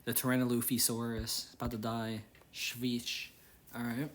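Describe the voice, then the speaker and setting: A man's voice: medium pitch, monotone, measured pace. Young male gaming host, casual rambling commentary, easily irritated, repeats himself. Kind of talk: casual gameplay commentary with venting.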